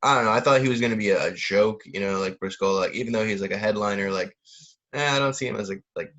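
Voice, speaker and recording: A man's voice: on the low side, fast, a bit bright, highs cut off. A man co-hosting a casual chat, rambling with lots of fillers and frequent laughs. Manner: rambling, many fillers, laughs often, mimics sound effects. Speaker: podcast co-host.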